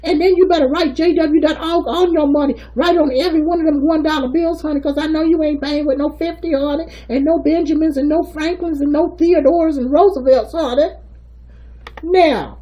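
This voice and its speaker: A man's voice: very high voice, steady tone, a little fast, dark tone, voice pushed up, low-quality recording. A man voicing a sassy, bossy churchgoing sister who calls everyone honey, in a comedic character monologue. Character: sassy gossiping churchgoing sister, middle-aged woman.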